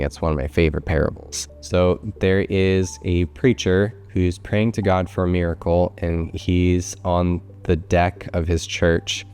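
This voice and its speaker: Low-voiced male therapist explaining. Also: a little mellow, clean tone. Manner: measured, explains with parables, repeats words. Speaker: psychotherapist. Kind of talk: psychoeducational talk.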